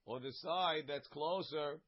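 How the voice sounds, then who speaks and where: A man leads a relaxed study lesson, reading a phrase at a time and explaining it simply in a slightly raised voice. The recording sounds dull and lo-fi, with the highs rolled off. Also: slow pace. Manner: reads a phrase, then translates and explains it plainly. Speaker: teacher of a Talmud class. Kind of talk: casual text study lesson.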